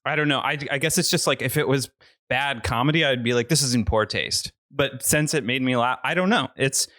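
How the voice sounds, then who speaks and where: A man's voice: medium pitch, brisk, pushed and bright, dry recording. A man talks through a comedy film with friends on a podcast, meandering through his points and breaking into laughter. His voice sits in a middle register. The sound is close and dry, with no room around it. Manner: rambling, laughs often, restarts sentences. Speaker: podcast co-host. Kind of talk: casual movie discussion.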